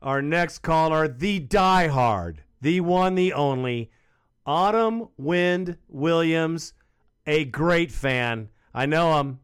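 A man's voice: on the high side, animated, takes it slowly, clean tone, no room sound, clean studio sound. A man hosting a fan call-in show, talking casually and calling the callers bro. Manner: casual, laid-back, calls callers bro. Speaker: radio show host.

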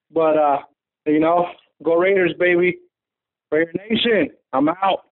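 Male caller, upbeat fan recap, slightly high voice; thin phone-line audio. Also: slow pace. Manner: upbeat, says man constantly. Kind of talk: excited fan call over the phone.

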